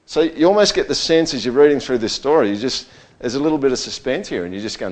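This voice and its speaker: A man preaching a sermon in a conversational way, often checking in with his listeners and swinging between quiet, low stretches and loud, high bursts. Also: lively intonation, fast talker. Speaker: pastor.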